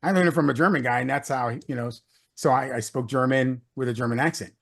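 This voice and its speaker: A middle-aged American leadership consultant, a guest telling a personal story in a casual interview, with many "uh"s and "you know"s. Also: male voice, medium pitch, fairly even intonation, fast talker, vocal fry, fairly bright tone. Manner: anecdotal, repeats words, many "uh" and "you know".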